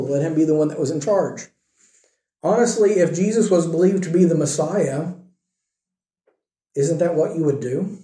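A man's voice: fairly high pitch, mellow. A man preaching a conversational sermon, retelling a story and asking his listeners questions. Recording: echoey room.

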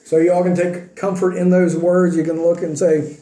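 A man's voice: high-pitched, level tone, normal speed, dark tone, roomy sound, a little hiss or hum, poor audio. A man preaching a conversational sermon as pastor, using rhetorical questions. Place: church sanctuary.

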